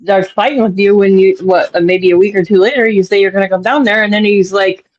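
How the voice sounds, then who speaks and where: A woman in casual chat who gossips excitedly and leaps up in pitch when quoting others. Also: a little fast, muffled recording. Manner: excitable, gossipy, big pitch swings in quotes.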